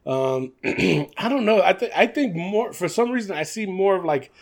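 Male podcast co-host, young, a little high-pitched, animated and chatty with frequent laughs. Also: normal speed. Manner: animated, laughs often, many fillers. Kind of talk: casual wrestling chat.

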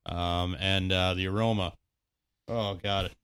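A laid-back Midwestern man with a low-set voice, rating a beer in a casual podcast chat. He curses freely and pads his speech with fillers. His voice sounds close and dry, with no room echo. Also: fairly even intonation, a little slow, fairly bright tone, smooth. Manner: laid-back, profane, hesitant with many fillers. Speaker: podcast co-host.

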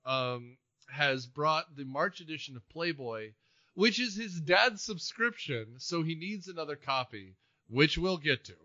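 A man co-hosting a casual movie-review podcast, animated, laughing often and acting out lines from films. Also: on the high side, unhurried, dry recording, muffled recording. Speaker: podcast co-host.

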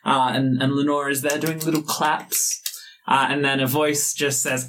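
A man's voice: mid-range voice, fairly even intonation, a little slow, fairly bright tone. A man narrating a tabletop game as game master, genial and drawling.

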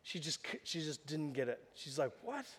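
A man preaching a sermon to a congregation in a church hall, telling lively stories and acting out the voices of the people in them. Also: on the high side, normal speed. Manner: animated storytelling, acts out voices. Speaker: pastor. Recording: long reverb of a large hall.

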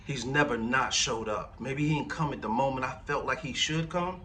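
A man's voice: medium pitch, moderate pace, bright, forceful tone, far from the mic, a little hiss or hum. A man in his forties preaching a conversational sermon as pastor, often checking in with the congregation through rhetorical questions. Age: 40s.

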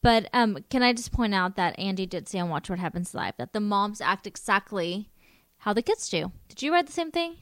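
A young woman co-hosting a casual podcast chat, giggly and reactive with quick asides. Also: medium pitch, lively intonation, dry recording. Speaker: podcast co-host.

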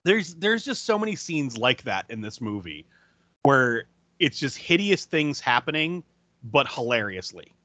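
A man's voice: medium pitch, very animated, a little slow, pushed and bright, dry recording. A man co-hosting a podcast, recapping a film in casual chat and laughing often as he acts out lines. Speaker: podcast co-host. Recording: dry, dull lo-fi audio.

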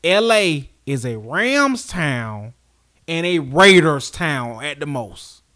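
A man's voice: fairly high pitch, very animated, slow pace, bright, forceful tone. A man co-hosting a podcast, giving blunt, scolding rants in casual sports chat. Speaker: podcast co-host.

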